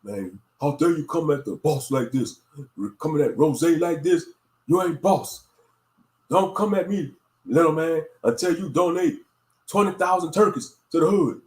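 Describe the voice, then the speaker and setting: A man's voice: on the high side, lively intonation, unhurried, a little mellow, echoey room. A man putting on a breathless, boastful older rap boss who scolds a younger rival. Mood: taunting.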